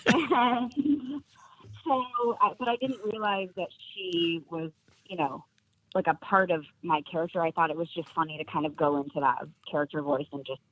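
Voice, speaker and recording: An actress appearing as a podcast guest chats casually, laughing often and using many fillers. Her voice is lowish and steady at a moderate pace, and the sound is narrow, like a phone.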